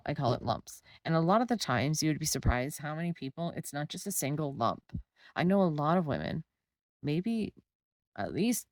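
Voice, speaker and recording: A woman's voice: a bass voice, no echo, clean studio sound. A woman in her thirties telling her own story of a hard diagnosis in a candid, emotional way, acting out what others said in quoted lines. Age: 30s. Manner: casual with frequent fillers like "like" and restarts. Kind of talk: personal storytelling to camera.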